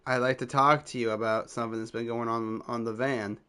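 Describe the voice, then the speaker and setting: Man doing a soothing woman dean, matter-of-fact, smooth voice. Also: mid-range voice, steady tone, fairly quick, bright, forceful tone, close to an everyday voice. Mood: reassuring. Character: calm female school dean, reassuring.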